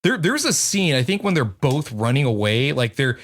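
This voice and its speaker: A man's voice: mid-range voice, sing-song, normal speed. A man co-hosting a music podcast, ranting in casual chat and swearing freely. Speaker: podcast co-host.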